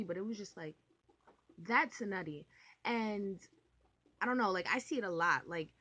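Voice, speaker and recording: A young adult woman telling a personal story to camera in a rambling, animated way, full of filler words and the odd swear word. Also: lowish voice. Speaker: vlogger. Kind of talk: casual storytime monologue.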